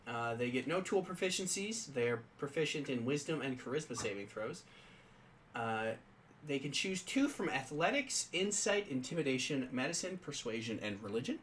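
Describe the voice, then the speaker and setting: A man's voice: mid-range voice, very animated, moderate pace, fairly bright tone, slight background noise, poor audio. A man co-hosting a casual tabletop game podcast, reading rules aloud and chatting with many fillers. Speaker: podcast co-host.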